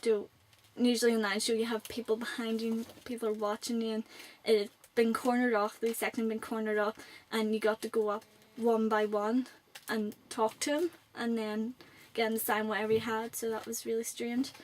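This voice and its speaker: A woman's voice: a little high, flat delivery, moderate pace, few pauses. A young woman in her late teens with a Northern Irish accent, chatting to camera in a rambling vlog. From Northern Ireland. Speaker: vlogger. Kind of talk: casual chat to camera.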